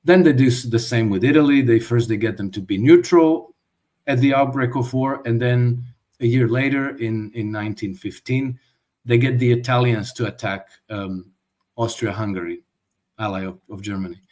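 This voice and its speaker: A man's voice: medium pitch, moderate pace, darkish tone. A man giving an interview as a guest commentator, talking in a thoughtful way and often restarting his words. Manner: thoughtful, with frequent restarts and stammers. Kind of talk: conversational interview.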